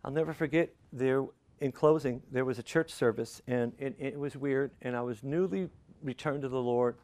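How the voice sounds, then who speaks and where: An older man delivers a sermon as a personal story. His pitch sits in an ordinary middle range, and he talks to the congregation casually, jumping into the voices of the people he quotes. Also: moderate pace. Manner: conversational, animated, acts out quotes. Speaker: pastor.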